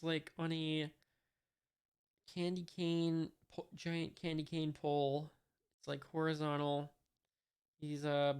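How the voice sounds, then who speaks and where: A smooth, clear voice that reads a comic chapter slowly and flatly, barely rising or falling. The speaker stumbles through frequent fillers and drops in dry, puzzled remarks. The dialogue is read out plainly, with no character voices. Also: medium pitch. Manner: wry, mildly puzzled asides. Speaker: manga reader and commentator.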